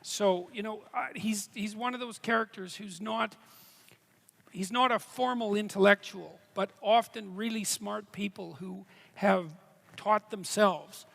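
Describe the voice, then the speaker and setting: A man answering questions on stage at a live event, earnest and halting, with many restarts. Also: sits high, fairly even intonation, vocal fry, a bit bright. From Canada. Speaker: guest speaker. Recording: reverberant hall.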